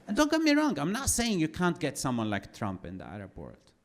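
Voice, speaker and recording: A man doing a stand-up comedy set, telling his story with sardonic, animated delivery. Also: a little high, brisk.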